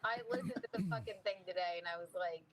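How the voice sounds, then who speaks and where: A woman's voice: on the low side, quick pace, fairly bright tone. A woman, a podcast guest, talking hesitantly with many fillers, then bluntly. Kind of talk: casual podcast chat.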